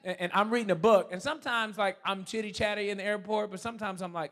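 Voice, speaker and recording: High-voiced, lively young man preaching. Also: fast, few pauses. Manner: animated, playful storytelling with rising excitement. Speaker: guest preacher. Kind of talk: sermon with storytelling. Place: church stage.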